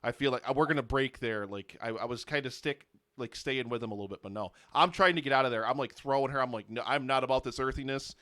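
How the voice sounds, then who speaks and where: A man's voice: mid-range voice, fast, hardly any pauses, bright, forceful tone, no echo, studio quality. A man playing along in a comedic story game, talking it through in a rambling, hesitant way with many restarts. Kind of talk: casual chat.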